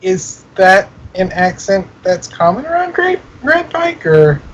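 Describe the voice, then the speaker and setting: Man player at a tabletop game, slightly high voice, joking, casual. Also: very animated, husky, muffled recording. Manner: joking, quick reactions.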